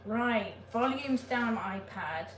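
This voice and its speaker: Her voice sits a little high and unhurried as she live-streams casually from home, addressing a phone perched on a shelf above her. Flustered by technical mishaps, she laughs at herself. The recording has an echoey room sound, faint ambience, and slight background noise.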